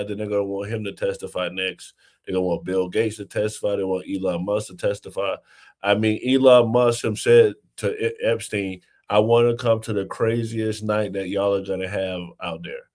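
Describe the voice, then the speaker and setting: Low-voiced male host. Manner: conversational, steering the discussion. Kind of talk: casual political talk.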